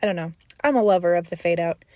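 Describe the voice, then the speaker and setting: A woman's voice: on the low side, fast, darkish tone, no echo, clean studio sound. A young woman hosting a podcast, casually reviewing an album track by track in a rambling, enthusiastic way with many fillers and restarts.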